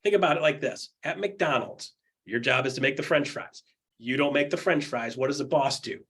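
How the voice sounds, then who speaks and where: A man's voice: mid-range voice, moderate pace, fairly bright tone, breathy edge. A man hosting a show, giving blunt, emphatic coaching advice in a casual talk and acting out the voices he quotes. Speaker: podcast host.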